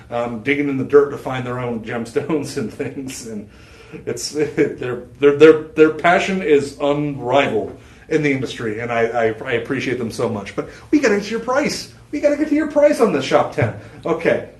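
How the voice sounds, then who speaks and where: Man, shopping channel host, live jewelry sales, rambling, chatty, self-interrupting, mid pitch, echoey studio. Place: studio set with a TV screen behind.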